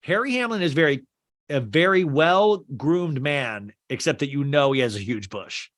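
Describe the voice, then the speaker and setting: A man's voice: fairly high pitch, animated, brisk, fairly bright tone. A man hosting a podcast, casually recapping a movie and acting out lines from it in funny character voices. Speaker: podcast host.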